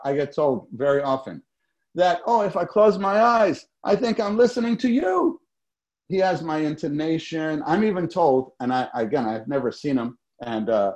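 A middle-aged male preacher with a slightly higher-than-usual voice delivers a sermon. He keeps it conversational, putting questions to his listeners and repeating phrases to drive them home. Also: darkish tone.

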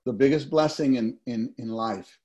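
A man's voice: mid-range voice, moderate pace, a little mellow. A man preaching a sermon to a gathered congregation, often restarting and repeating words and leading them in spoken responses. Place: meeting hall with a summer-school gathering.

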